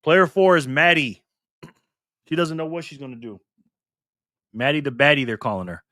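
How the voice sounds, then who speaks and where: A man's voice: a little high, normal speed, sharp tone, no room sound, clean studio sound. Playful, laughing male live streamer. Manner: reads viewer comments aloud and cheers players on; laughs often, loose and playful. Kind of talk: casual live stream chat.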